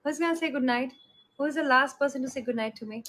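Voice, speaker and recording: A woman's voice: high voice, fast talker, a bit bright, low-quality recording. A young woman with an Indian accent chatting affectionately with viewers on a live stream, greeting them by name and blowing kisses. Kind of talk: casual live-stream chat.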